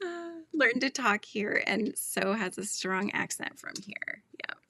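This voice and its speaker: Female host, middle-aged, casual chat, laughs a lot, crisp tense tone, some vocal fry. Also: medium pitch, lively intonation, a little slow, sharp tone, no room sound. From Northern California. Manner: chatty, laughing often, reading out chat comments.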